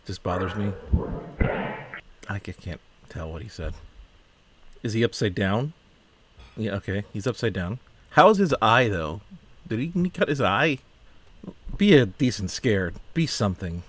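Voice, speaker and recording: A man's voice: lowish voice, lively intonation, a little slow, pauses often, husky. A man giving casual reaction commentary on a film. He sounds puzzled and exasperated, asks question after question, and often trails off and restarts his sentences.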